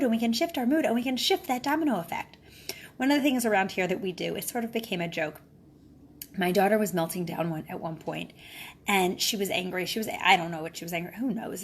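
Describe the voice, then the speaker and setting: Chatty encouraging mom, "right?" tag. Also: female voice, medium pitch, slight background noise. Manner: chatty, ends phrases with a questioning "right?"; earnest and encouraging. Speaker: mother and wellness speaker. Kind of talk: casual live-video talk to followers.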